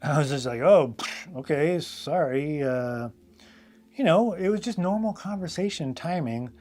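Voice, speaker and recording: A man's voice: on the high side, expressive, normal speed, a little mellow. A man hosting a live drawing stream, telling casual stories in a loose, rambling way full of fillers and asides. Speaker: host and illustrator.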